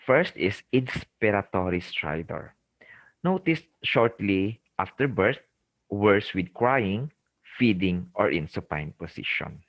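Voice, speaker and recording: A middle-aged man with a Filipino accent delivers a medical lecture in a very low voice. He is didactic, repeating key terms and often checking in with his listeners. The recording is dry and close, with no room sound. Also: big pitch swings, slow pace, fairly bright tone, dry recording, low-quality recording. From Philippines. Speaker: lecturer, ENT surgeon.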